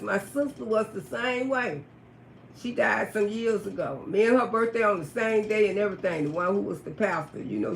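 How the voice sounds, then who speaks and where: A woman telling a personal story on a casual livestream, animated and profane, chatting with viewers by name. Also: on the high side, vocal fry, roomy sound.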